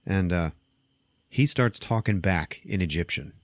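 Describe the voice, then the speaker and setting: Deep-voiced man gleefully recapping a film. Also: a little slow, no room sound. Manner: laughing, animated retelling with acted quotes. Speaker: podcast host.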